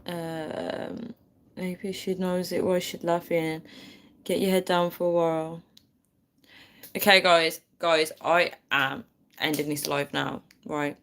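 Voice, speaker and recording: A woman's voice: on the low side, level tone, slow, a bit bright. A young woman chatting casually to viewers on a phone livestream, laughing often and thanking them.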